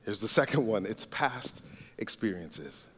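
A man preaching a sermon as pastor, earnest, rising to loud emphatic lines and dropping to soft low asides. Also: very animated, unhurried, long reverb tail. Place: church sanctuary.

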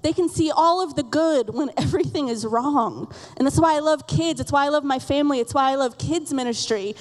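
Woman pastor, sermon, high voice, long church reverb, candid, self-deprecating humor. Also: fairly quick. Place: church auditorium. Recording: reverberant sanctuary sound.

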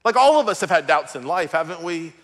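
A male pastor in his thirties preaching with a high, bright voice. He tells a personal story with strong feeling, rising loud and then dropping to a hush. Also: very animated, quick pace. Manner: storytelling, emotional, shifting from loud to hushed. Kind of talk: sermon.

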